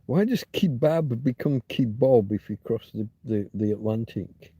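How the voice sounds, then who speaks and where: A man's voice: medium pitch, animated, unhurried, dark tone, slightly rough, no echo. A man hosting a rambling, casual livestream, musing aloud and swearing now and then. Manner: chatty, swears, muses aloud while reading. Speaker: livestream host. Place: home, Torrevieja.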